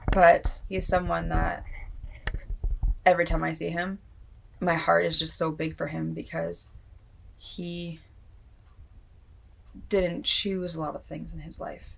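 A woman's voice: fairly low pitch, flat delivery, takes it slowly, vocal fry, pauses often, slight background noise. A woman, an outreach van worker, speaking heartfelt and reflective in a documentary interview.

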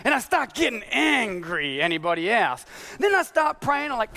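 A male pastor delivers a confessional sermon, his voice very high and bright. He swings from shouted exasperation down to quiet, hushed admissions. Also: big pitch swings, moderate pace, vocal fry.

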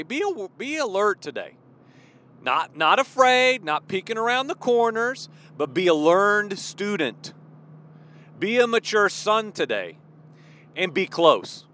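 A man's voice: high voice, fairly bright tone. A man preaching an informal devotional sermon, emphatic and repetitive, with casual fillers between his points. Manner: emphatic, repeats key phrases, casual fillers.

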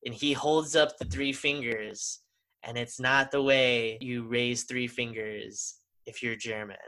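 Podcast co-host, man, bright tone, eager and rambling. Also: mid-range voice, fairly even intonation, measured pace. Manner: enthusiastic, rambling with restarts. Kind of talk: casual chat.

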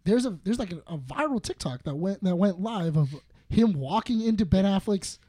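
A podcast co-host in casual chat who tells rambling, excited stories and gets louder and higher while acting out what others said. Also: normal speed. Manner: rambling storyteller, excited, acts out quotes in a high voice.

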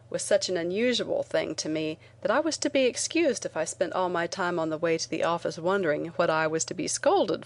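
Woman narrating a memoir, slightly low voice. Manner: measured, earnest reading with lively quoted lines.

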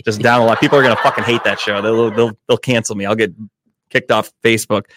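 A man's voice: lowish voice, steady tone, quick pace, noisy background. A man hosting a casual sports podcast in a studio, joking and swearing as he talks football. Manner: loose, profane, joking. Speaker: podcast host.

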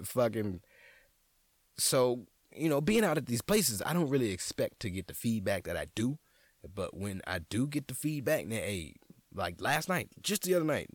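A comedian from New Orleans, fairly low-voiced and locally accented, riffs alone on his podcast in a rambling, profane, stop-start way full of restarts. No room sound is audible.

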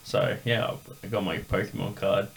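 A man's voice: fairly low pitch, moderate pace. A man hosting a podcast, telling a rambling story in casual chat with lots of fillers. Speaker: podcast host.

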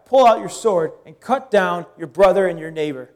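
A preacher playing a fired-up leader who barks orders at his people. The voice is high and forceful, and it commands. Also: lively intonation, moderate pace. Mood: commanding. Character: impassioned male Moses, fired up.

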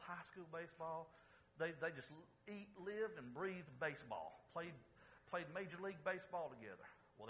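A man's voice: mid-range voice, bright, forceful tone, slight background noise, low-quality recording. A man preaching a casual, folksy sermon, rambling and joking with the congregation. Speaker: pastor.

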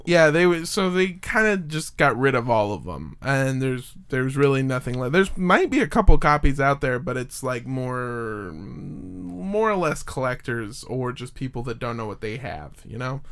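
A man's voice: mid-range voice, big pitch swings, moderate pace, hardly any pauses, fairly bright tone, clear, resonant tone. A young man hosting a casual podcast, telling a story in a rambling, jokey way with lots of fillers.

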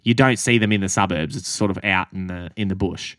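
An Australian man co-hosting a podcast, telling a story in casual chat, animated and swearing freely as he acts out what people said. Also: sits low, brisk, dry recording, clean studio sound. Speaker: podcast co-host and running coach.

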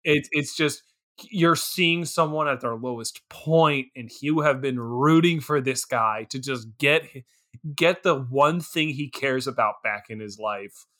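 A man co-hosting a casual movie podcast, animated and quick to laugh, talking with lots of filler words. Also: mid-range voice. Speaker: podcast co-host. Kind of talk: casual movie review chat.

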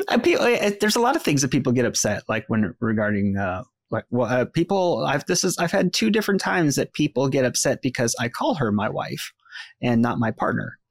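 A man in casual podcast chat, hesitant and full of fillers, cracking jokes between halting thoughts. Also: medium pitch, sing-song, gravelly, no room sound, clean studio sound. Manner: hesitant, heavy fillers, jokey. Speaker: podcast guest, content creator.

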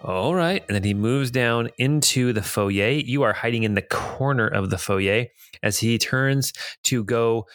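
A man's voice: mid-range voice, vocal fry, fairly bright tone, dry recording, clean studio sound. A man narrating a tabletop game as dungeon master, rambling with chuckling asides.

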